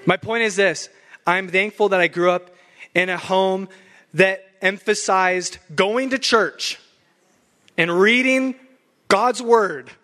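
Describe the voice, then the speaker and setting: A man's voice: high-pitched, slow pace, long pauses, bright, forceful tone. A young adult man preaching a sermon as pastor, emphatic and fired up, with laughs between points.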